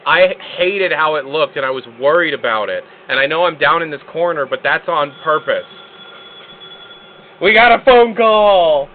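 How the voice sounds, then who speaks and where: A high-voiced man hosts a live stream, excitable and joking, with swearing sprinkled through his chat. The sound is thin and phone-like, with a faint hiss behind it. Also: a little fast, hardly any pauses. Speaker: streamer host.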